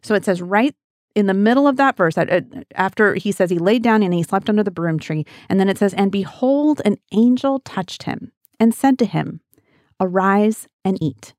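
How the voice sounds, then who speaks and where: Middle-aged woman, devotional Bible teacher, earnest and chatty, mid-pitched voice, dry close recording. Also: lively intonation, normal speed, darkish tone, dry recording. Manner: earnest, conversational, addresses listeners as guys.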